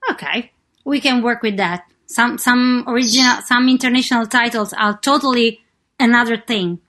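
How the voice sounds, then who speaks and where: A woman's voice: fairly high pitch, moderate pace, fairly bright tone. A woman interviewing a filmmaker for a festival radio, asking curious, prompting questions.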